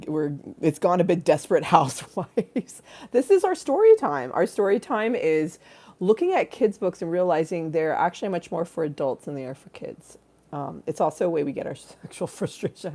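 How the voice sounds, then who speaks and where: A woman's voice: deep voice, a little mellow. Giggly, irreverent woman livestreamer. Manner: giggly, irreverent, breaks into shrieking laughter. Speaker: livestream host. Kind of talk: bawdy comedic livestream chat.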